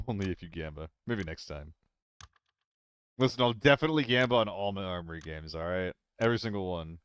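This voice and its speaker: A man's voice: low-pitched, lively intonation, fairly quick, clear, resonant tone. Playful young man streaming a game. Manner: playful, apologetic, laughs often. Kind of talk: casual live-stream chat with viewers.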